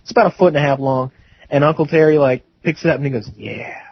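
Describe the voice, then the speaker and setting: A man's voice: a little high, steady tone, racing, no echo, lo-fi sound. A young man co-hosting a podcast, telling a long rambling story with bursts of laughter. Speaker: podcast co-host. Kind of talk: casual storytelling.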